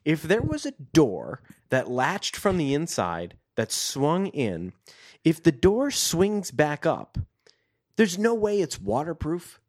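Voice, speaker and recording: A man's voice: fairly high pitch, slow pace, dry recording, studio quality. A man co-hosting a podcast, reading passages from a book aloud and wryly picking them apart. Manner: animated, wry, laughs often. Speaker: podcast co-host.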